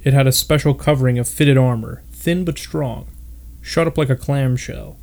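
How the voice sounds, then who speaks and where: A man's voice: medium pitch, normal speed, darkish tone. A man reading an old novel aloud for his podcast, breaking off now and then to puzzle over odd words. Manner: stops to comment on odd words. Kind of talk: casual read-aloud with asides.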